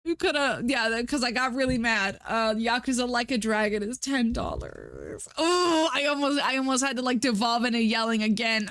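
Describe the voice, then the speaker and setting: A young woman streaming live, talking casually to her chat in a somewhat high voice. She rants with dramatic, exasperated outbursts. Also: big pitch swings, moderate pace, few pauses, fairly bright tone.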